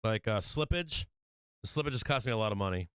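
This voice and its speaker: A man's voice: on the low side, lively intonation, brisk, sharp tone, clear, resonant tone, no echo. A man hosting a stock trading live stream, talking casually, swearing and venting frustration about his trades.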